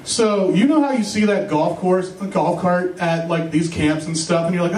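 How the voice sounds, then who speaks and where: High-voiced young man telling a comic story. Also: darkish tone. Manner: rambling, self-mocking, with bursts of quick asides. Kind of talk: stand-up storytelling. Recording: echoey room, mic a bit far, faint hiss.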